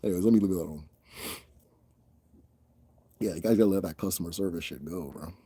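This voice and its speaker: A man's voice: low voice, fast, mellow, breathy edge, dry recording. A young man hosting a casual question-and-answer chat, talking loosely and profanely, laughing often and breaking into mimicked voices. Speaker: host answering viewer questions.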